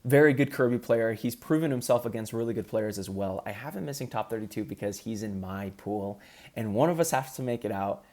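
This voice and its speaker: A man's voice: on the low side, animated, fairly quick, darkish tone. A man in casual commentary, ranking competitive gamers in an upbeat, chatty way with frequent ums.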